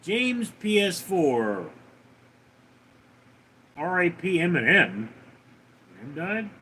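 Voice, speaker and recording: A man hosting a livestream, reading viewer comments aloud and answering them with dry, deadpan remarks. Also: sits high, slow pace, a little hiss or hum. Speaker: livestream host reading chat.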